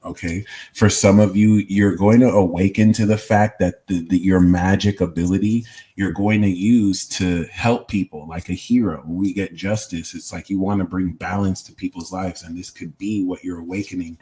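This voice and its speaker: A man with a very low voice hosts a live tarot reading. He talks in a loose, conversational way and breaks off now and then to thank and answer his viewers. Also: fairly even intonation, normal speed, few pauses, dark tone. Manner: casual, chats with viewers between readings. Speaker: tarot reader and host.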